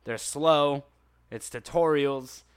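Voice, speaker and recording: A fairly high-voiced man in loose, animated podcast banter about games. He swears a lot and laughs through his rants. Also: slow pace, clean tone. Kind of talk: casual chat about video games.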